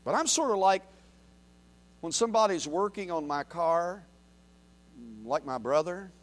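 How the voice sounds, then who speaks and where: A man preaching a sermon, reading scripture aloud and swinging from quiet, low murmurs to loud, raised declarations. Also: animated, unhurried. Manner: reads scripture aloud and asks the congregation to repeat. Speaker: pastor.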